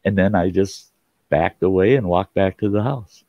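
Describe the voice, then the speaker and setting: A man voicing a kindly, playful older grandmother in a told story, in a gentle, matter-of-fact way. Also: sits low, normal speed, no echo. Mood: amused. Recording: dull, lo-fi sound.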